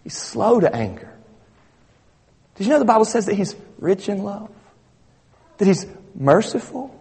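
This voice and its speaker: A man's voice: sits high, sing-song, a little slow, creaky, a little mellow, husky. A man preaching a sermon in an emphatic, repetitive, conversational style. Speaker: pastor. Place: church sanctuary. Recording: reverberant church hall.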